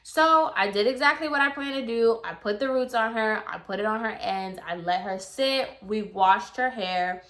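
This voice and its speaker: A woman's voice: fairly high pitch, moderate pace, few pauses, fairly bright tone. A young woman hairstylist telling a casual story about a client, chatty and loose, full of "like" and "you know".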